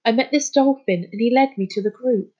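Muffled and a little mellow, the very high voice comes across as a man's. In a storybook reading, a woman voices an earnest schoolboy who turns dolphin-like, his words stumbling out hesitantly, haltingly and pleadingly as he admits something strange.

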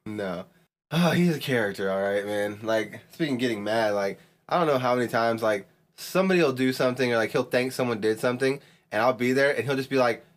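A man's voice: medium pitch, fairly quick. Blunt, cussing young man. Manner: blunt, swears a lot, exasperated. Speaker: podcast co-host. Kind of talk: casual chat.

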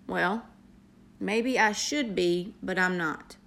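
Slow-talking Southern woman, earnest. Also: mid-range voice, creaky, fairly bright tone. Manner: earnest, heartfelt, with pauses and fillers. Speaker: nurse vlogger. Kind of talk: motivational vlog.

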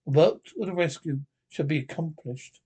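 A man's voice: fairly high pitch, moderate pace, a little mellow, husky. A man voicing a stern, solemn old male badger who talks in a grave, commanding way.

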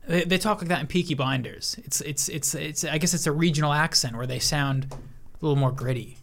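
A woman's voice: low-pitched, fairly quick. A woman co-hosting a casual chat, talkative, swearing freely and explaining things at length.

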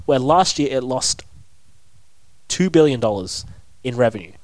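A man's voice: medium pitch, expressive, a little slow, a little mellow, no room sound. A young Australian man co-hosting a podcast, joking and rambling in casual chat. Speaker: podcast co-host.

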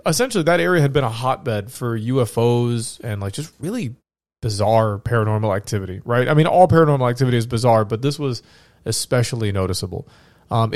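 A man who is sick hosts a laid-back podcast, joking and rambling as he reads through his notes. His voice sits at an ordinary middle pitch. It is recorded dry and close, with little room sound. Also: darkish tone, dry recording. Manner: joking, rambling, self-interrupting. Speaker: podcast host. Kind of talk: casual podcast chat and reading research.

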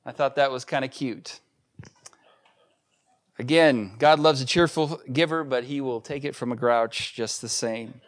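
A pastor with a medium-pitched voice speaks a little slowly, chatting casually with his congregation during a sermon. When he turns to scripture, his delivery grows emphatic.

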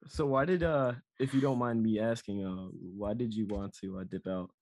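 A man's voice: fairly low pitch, steady tone, moderate pace, a little mellow, dry recording. A young man talking as a podcast guest over a video call, joking and laughing, sitting well back from his microphone. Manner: joking, laughing, filler-heavy. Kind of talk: casual chat. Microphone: far from the mic.

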